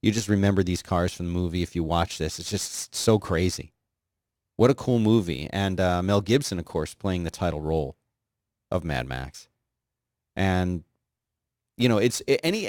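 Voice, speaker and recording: A man's voice: sits low, lively intonation, a little fast, a little mellow, no room sound, clean studio sound. A man hosting a show in casual, enthusiastic, rambling chat. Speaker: podcast host.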